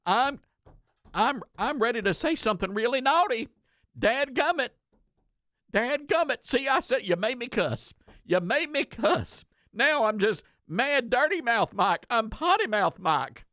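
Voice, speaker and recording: A man's voice: very high voice, very animated, unhurried, pushed and bright, dry recording, clean studio sound, voice pushed up, heavily acted. A man doing a sputtering, furious politician. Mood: mock-furious. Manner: exaggerated, sputtering, comic outrage. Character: fuming, red-faced male politician, mock-furious. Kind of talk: comic impression on talk radio.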